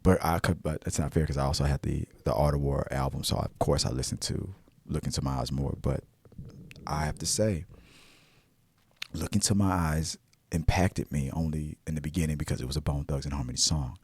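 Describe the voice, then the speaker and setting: A man hosting a movie talk show, chatting casually and swinging from hushed asides to loud exclamations, often restarting his sentences. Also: extremely low pitch, fairly even intonation, fairly quick, vocal fry, slightly rough, no room sound. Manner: frequent restarts and repeated words.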